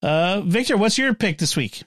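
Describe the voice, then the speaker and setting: A man hosting a relaxed podcast chat, with a voice pitched a little above average. He laughs readily and keeps things light. The sound is dry and close, with no room echo. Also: moderate pace. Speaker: podcast host. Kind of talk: casual panel chat.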